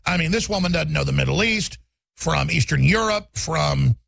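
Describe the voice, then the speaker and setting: A man hosting a talk radio show, his voice high-pitched, with gravel and a husky edge. He delivers rapid, mocking, emphatic commentary in a dry, close sound. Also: animated, a bit bright, no room sound. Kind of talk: political commentary.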